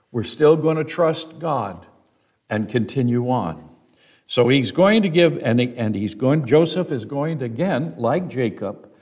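A man preaching a sermon in a slow, earnest way, often repeating words as he goes. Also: mid-range voice, darkish tone.

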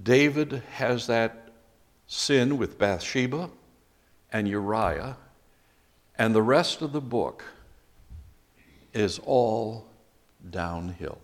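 A middle-aged man preaching a sermon as pastor, slow and emphatic, bursting into loud quotations now and then. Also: mid-range voice, animated, long reverb tail.

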